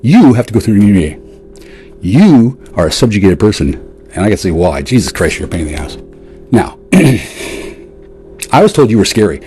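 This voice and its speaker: A man's voice: sing-song, fairly quick, pauses often, mellow, soft background music. A man delivering a profane, sarcastic, confrontational rant at an absent woman. His delivery swings from jeering outbursts to muttered asides. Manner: lurching between jeering highs and muttered asides. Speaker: vlogger. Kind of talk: one-sided rant addressed to an absent woman.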